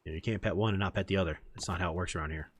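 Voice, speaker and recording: A gaming streamer plays from home and chats casually in a rambling, storytelling way. His voice sits low with a breathy edge, and he talks very fast.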